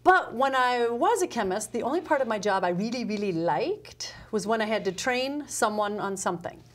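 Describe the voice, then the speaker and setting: A woman's voice: fairly high pitch, animated, moderate pace. A middle-aged woman, a guest speaker in a casual interview, telling her story with animation and acting out her own past dialogue. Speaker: guest, customer service speaker.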